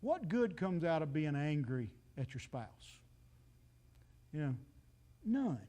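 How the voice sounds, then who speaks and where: A man's voice: on the high side, big pitch swings, measured pace, mellow. A man, preaching a folksy, joking sermon and talking straight to the congregation. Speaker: pastor.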